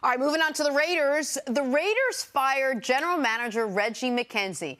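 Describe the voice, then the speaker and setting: A woman hosting a sports talk show, running the segments and moving briskly from topic to topic. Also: sits high, expressive, a bit bright. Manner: brisk, segue-driven. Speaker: show host, moderator.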